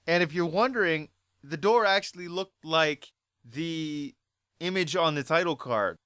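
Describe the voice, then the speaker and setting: Exasperated vlogger ranting about a story, super animated pitch, keeps repeating itself, bright tone. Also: measured pace, smooth, no echo, clean studio sound. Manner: exasperated, repeats points for emphasis, bursts into loud outbursts. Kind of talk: storytelling rant.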